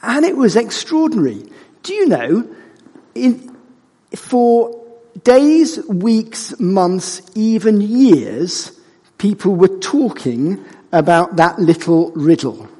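Male preacher, husky and lively, high voice, long church-hall reverb. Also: slow pace. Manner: animated and conversational, jokes with the congregation. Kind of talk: sermon.

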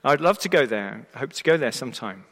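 A man preaching a sermon to a live congregation, emphatic and expressive, asking the listeners rhetorical questions and often restarting his sentences. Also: medium pitch, fast. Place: church or hall before a live congregation. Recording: long reverb of a large hall.

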